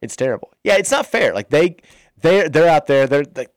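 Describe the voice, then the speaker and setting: A man's voice: on the high side, big pitch swings, moderate pace, no echo, clean studio sound. A man co-hosting a sports radio show, chatting casually and reading listener texts aloud.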